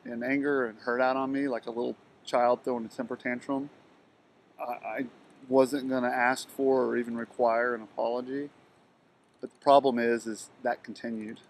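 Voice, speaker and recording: Middle-aged man, monotone delivery, halting personal monologue full of restarts. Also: mid-range voice, a little hiss or hum. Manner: halting, with frequent ums and restarts, flat delivery. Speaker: video blogger telling a personal story.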